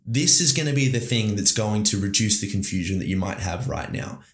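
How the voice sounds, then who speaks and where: Speaking to listeners in a rambling, upbeat pep talk, the Australian podcast host has a lowish, expressive voice and a brisk pace. The room adds noticeable echo.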